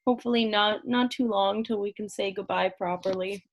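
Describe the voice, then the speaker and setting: A woman's voice: medium pitch, fairly even intonation, a little fast. A young woman in her twenties, a graduating nursing student, gushing with thanks on a video call. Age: 20s. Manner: gushing and emotional.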